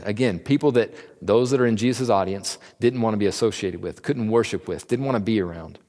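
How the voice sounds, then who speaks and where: A man with a fairly low voice leads a relaxed Bible lesson, chatting, joking and slipping into the voices of the people he describes. His words ring out with a long reverb, as if spoken in a big hall. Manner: conversational, jokey, acts out the characters in quick asides. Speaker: Bible teacher. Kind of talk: casual Bible teaching.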